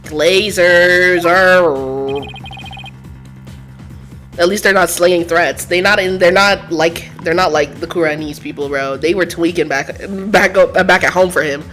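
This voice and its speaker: A woman's voice: lowish voice, measured pace, a bit bright, faint music behind. A woman streamer giving casual live gameplay commentary, blunt and profane, full of slang and laughter.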